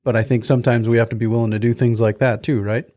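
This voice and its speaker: A man's voice: mid-range voice, level tone, fast talker, dark tone. Easygoing folksy podcast host, a man. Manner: easygoing and folksy, laughs often. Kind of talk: casual podcast interview.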